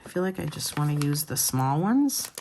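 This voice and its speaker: A woman with a slightly low-pitched voice chats casually to her viewers in a home vlog. She rambles, restarts her sentences and wanders into asides as she talks. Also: big pitch swings, normal speed, mellow, slight background noise. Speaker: planner vlogger.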